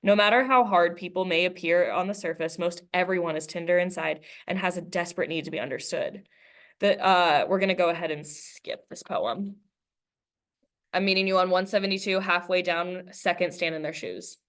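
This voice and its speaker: This teacher's voice is lowish and a bit bright, with fairly even intonation and a normal pace. In a recorded class, she chats with students conversationally and reads a book aloud, acting out its quoted lines.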